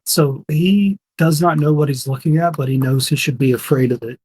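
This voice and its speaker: Young male game master, husky, relaxed descriptive narration. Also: fairly high pitch, normal speed. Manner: casual, descriptive, fillers.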